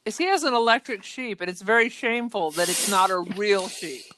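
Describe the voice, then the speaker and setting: A woman co-hosting a podcast, chatting casually and retelling a film's plot in an animated way. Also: medium pitch, a little fast, slight background noise. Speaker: podcast co-host. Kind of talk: casual chat.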